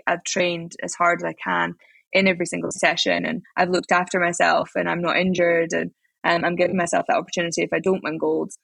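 A woman's voice: lowish voice, creaky, fairly bright tone, slightly rough, no echo. A young woman, a podcast guest, talking in a rambling, upbeat way in a casual interview. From Scotland. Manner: rambling, upbeat, quick talker.

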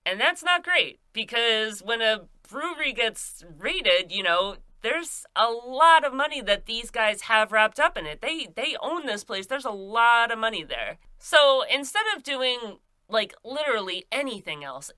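A woman's voice: fairly high pitch, animated, unhurried, sharp tone, clear, resonant tone, no echo. A woman telling a crime story in a chatty, sarcastic, profane way, as a podcast host. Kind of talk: casual true-crime storytelling.

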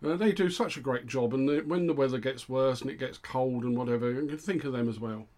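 A man's voice: mid-range voice, brisk, darkish tone. A middle-aged man co-hosting a local podcast, dry and self-deprecating in his jokes. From England. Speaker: co-host. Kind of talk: casual chat.

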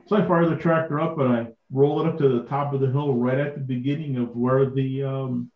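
A man's voice: mid-range voice, brisk. A middle-aged man spins casual anecdotes, putting on voices for the people in his stories and breaking into laughter. His voice sits in an ordinary middle range. The audio is echoey and a little dull, as if recorded in a bare room on a lo-fi mic. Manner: animated, acts out quoted dialogue, laughs often. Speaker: guest, vintage tractor collector.

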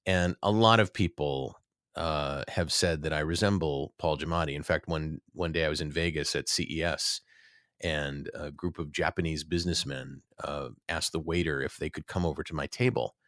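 A man's voice: very deep voice, fairly even intonation, moderate pace, fairly bright tone, no echo, clean studio sound. A middle-aged man, an actor, telling rambling, self-deprecating stories in a casual interview, with many restarts.

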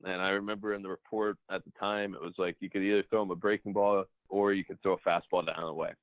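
Male ballplayer, deep voice, animated anecdotes, interview over a thin phone-quality line. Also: quick pace, no echo. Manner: animated anecdotes, acts out dialogue. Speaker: professional baseball player. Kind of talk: casual storytelling interview.

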